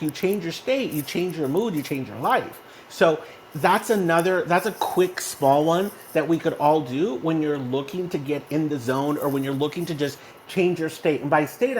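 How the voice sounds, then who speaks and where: A man's voice: on the high side, a little hiss or hum. A man from Texas co-hosting a casual motivational chat in a social audio room. He tells stories with lots of energy and keeps asking "right?". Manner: animated storyteller who often checks in with "right?". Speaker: co-host. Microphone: phone in a social audio room.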